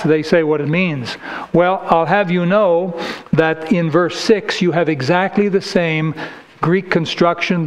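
A man's voice: sits high, poor audio. A man preaching a sermon in church, emphatic and combative, reading scripture aloud and hammering his points. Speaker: pastor.

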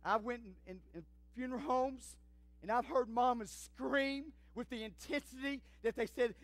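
A middle-aged pastor preaching a sermon in a church, swinging from shouts to near whispers in folksy talk. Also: male voice, extremely high pitch, normal speed, no room sound. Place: church sanctuary.

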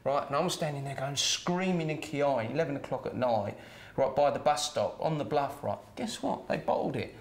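Gravelly middle-aged storyteller. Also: male voice, medium pitch, expressive, normal speed. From Kent, England. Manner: chatty, with "right?" tags and chuckles. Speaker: former doorman. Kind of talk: casual anecdote telling.

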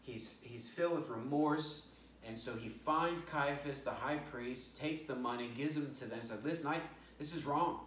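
A man's voice: mid-range voice, unhurried, fairly bright tone, a little hiss or hum. An American man preaching a storytelling sermon as a pastor, stumbling and repeating words as he acts out the voices in the story. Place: church sanctuary. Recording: roomy church audio, speaker distant from mic.

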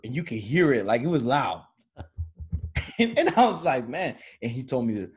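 A young man tells a story on a casual podcast. His voice is husky and sits at a middle pitch, and he gets animated and laughs often as he talks. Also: normal speed. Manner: animated, laughs often while telling stories. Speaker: podcast co-host.

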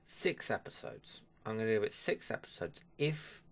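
A man's voice: on the low side, very animated, moderate pace, gravelly. A man giving his opinion in a casual vlog, grumbling and dismissive, trailing off with sighs. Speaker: vlogger.

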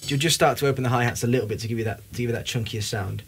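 A man's voice: mid-range voice, racing, a bit bright, soft background music. A young man giving a casual, upbeat drum lesson, talking between demonstrations at the kit. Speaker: drum teacher. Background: drum kit playing.

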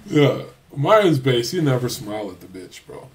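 A man's voice: medium pitch, animated, moderate pace, darkish tone, a little hiss or hum. A man livestreaming a casual rant, crude and boastful, swearing often and rambling loosely with restarts. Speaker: streamer.

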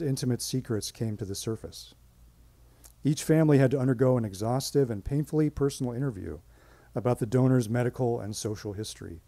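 A man telling a personal story on stage at a live storytelling event, with measured, dramatic pauses. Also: mid-range voice, warm tone, no room sound.

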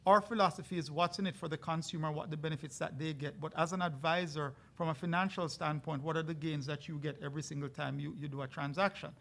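Earnest man pitching a resort brand. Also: steady tone, fast talker, creaky, few pauses, fairly bright tone. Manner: earnest, persuasive sales pitch. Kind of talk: panel discussion.

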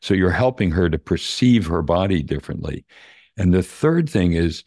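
Older man, very deep voice, warm and mellow, dry close sound, measured explainer. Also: expressive, no echo. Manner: measured, explains brain science in plain terms. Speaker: neuroscience professor. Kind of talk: explanatory conversation.

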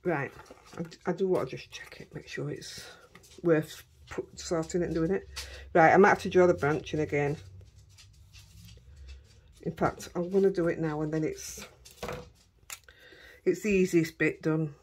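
Deep and steady, this woman's voice moves at a measured pace with long pauses, and there's slight background noise. She's a middle-aged craft vlogger from Yorkshire, England, with a Yorkshire accent, chatting casually to herself and her dogs while crafting.

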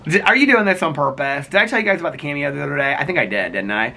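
Male vlogger, bright voice, chatty and rambling, reads comments. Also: fairly high pitch, lively intonation, rapid-fire, creaky. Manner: chatty, rambling, heavy use of "like". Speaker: vlogger reading viewer comments. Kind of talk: casual chat.

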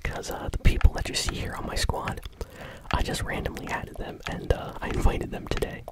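An unvoiced, breathy whisper carries this ASMR gameplay commentary, with gum chewing woven through the talk. The host speaks close to the microphone, relaxed and unhurried, pausing on little "uh"s between thoughts. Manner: chewing bubblegum while talking; relaxed, unhurried, with small hesitations. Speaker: gaming channel host.

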